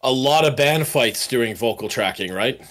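A man's voice: mid-range voice, normal speed, slight background noise. A man, a band guitarist, telling studio stories in a casual interview, swearing freely and acting out quotes. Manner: animated, swearing storyteller who acts out quotes.

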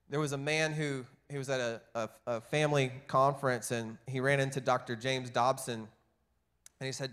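A man preaching a sermon as pastor, telling stories and acting out the people he quotes, his loudness rising and falling. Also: medium pitch, level tone, fairly quick, clear, resonant tone. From Texas. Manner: storytelling, acts out quoted voices with big swings in loudness. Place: church.

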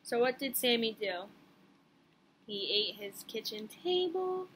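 Preschool teacher, woman: crisp and bright, fairly high voice, animated read-aloud with questions to the kids. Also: a little hiss or hum. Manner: animated, pauses to ask the children questions. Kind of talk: reading a picture book aloud to young children.

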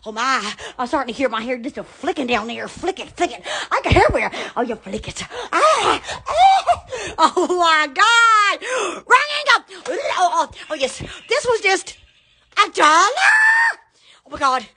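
A woman's voice: very high voice, big pitch swings, measured pace, sharp tone, shouting. A woman from Alabama, chatting casually on a phone livestream, giggling and exclaiming often. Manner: giggly and exclamatory, frequent laughing and squealing. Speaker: social media livestreamer.

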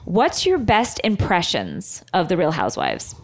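A woman's voice: fairly low pitch, huge pitch swings, measured pace. Encouraging woman podcast co-host. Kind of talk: casual chat.

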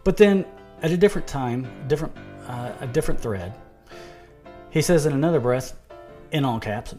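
A man's voice: medium pitch, expressive, normal speed, mellow, faint music behind. A man in an argumentative video monologue who reads quotes aloud, restarts words and turns sarcastic. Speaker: video commentator.

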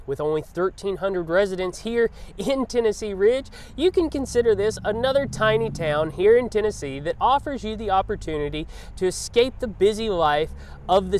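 Man, high voice, outdoor town tour host, steady scripted narration. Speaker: real estate vlog host.

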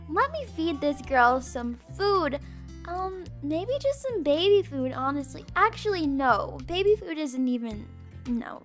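A young woman narrating a game roleplay as a mom, animated and chatty, switching between baby talk and casual asides. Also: extremely high pitch. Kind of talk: playful game roleplay with live commentary.

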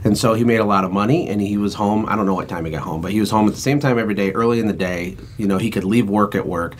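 Husky low-voiced man, emphatic. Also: rapid-fire. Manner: energetic, emphatic, motivational. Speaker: podcast host and entrepreneur. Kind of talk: casual chat.

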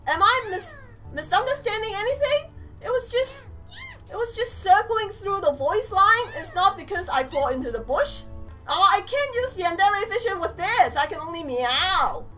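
High, lively young woman gamer. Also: moderate pace, faint music behind. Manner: animated, exclaiming, teasing the game characters. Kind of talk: let's play commentary.

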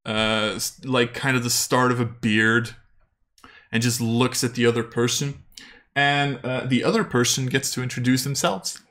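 A man's voice: medium pitch, steady tone, moderate pace, a bit bright. A man narrating as game master in a loose, rambling way, with many fillers and frequent laughter.

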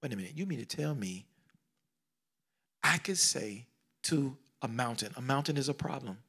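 A middle-aged man preaching a sermon, swinging between loud exclamations and hushed whispers, repeating phrases and calling out questions to the congregation. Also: mid-range voice, lively intonation, moderate pace, gravelly, breathy edge. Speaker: pastor.

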